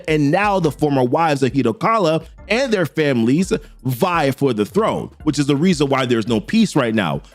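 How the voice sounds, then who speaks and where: A man voicing a loyal male alien advisor in a measured, lowered reading voice. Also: dry recording.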